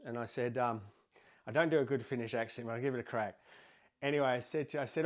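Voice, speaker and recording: A man's voice: medium pitch, fast talker. A man with an Australian accent, explaining boat handling casually through anecdotes, rambling with fillers and restarts. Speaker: boating instructor.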